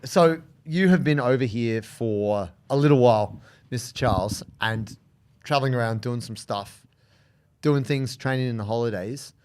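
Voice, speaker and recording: A man's voice: mid-range voice, moderate pace, darkish tone, smooth. Man hosting a podcast interview. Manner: short interjections, prompting questions. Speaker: podcast host. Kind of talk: casual interviewing.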